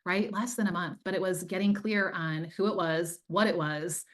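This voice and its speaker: Speaking at a moderate pace in a fairly low voice with fairly even intonation, this middle-aged time management coach shares her story in an earnest, faith-filled way during a casual interview.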